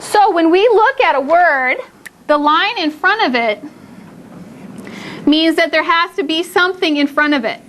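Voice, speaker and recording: A woman teaching a phonics lesson to a small group of children, upbeat and encouraging, stretching out words slowly to model them. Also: very high-pitched, expressive, a bit bright, a little hiss or hum.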